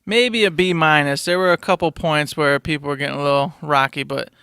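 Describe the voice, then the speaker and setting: Bright-voiced, teasing podcast host man. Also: fairly high pitch, steady tone, brisk, vocal fry, smooth, no room sound, studio quality. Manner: jokey, teasing, laughs easily. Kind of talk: casual podcast banter.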